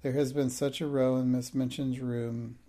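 A man's voice: medium pitch, little pitch movement, moderate pace, dark tone, close to an everyday voice. A man reading an eager gossiping schoolgirl.

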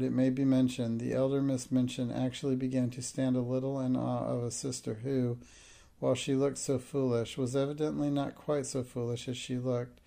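A man narrating a classic novel as an audiobook, steady with occasional slips and restarts. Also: mid-range voice, gravelly.

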